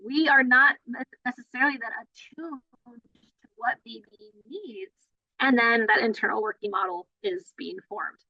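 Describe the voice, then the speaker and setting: A woman's voice: on the high side, dry recording. Woman therapist giving a conversational lecture. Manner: conversational, many "you know" fillers. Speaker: play therapist and trainer. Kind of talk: online training lecture. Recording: dull lo-fi dry audio.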